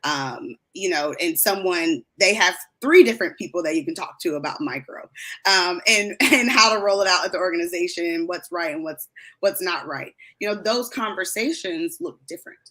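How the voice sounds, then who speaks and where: A woman's voice: lowish voice, lively intonation, normal speed, bright, forceful tone. A woman guest in a casual live-stream chat over a video call, agreeing often and explaining points in a friendly way. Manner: affirming, lots of "absolutely" and laughs.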